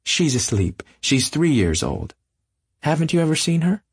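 A man reading an audiobook, voicing a bright, high-spirited young woman who gushes with charm. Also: very animated, normal speed, husky, dry recording, heavily acted. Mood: eager. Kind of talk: audiobook character voice.

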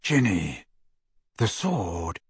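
A man's voice: low voice, sing-song, extremely slow, husky, dry recording, studio quality, pitched below the performer's own voice, full character voice. A man voicing a tense young man who speaks tersely in a storybook reading. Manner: terse, clipped.

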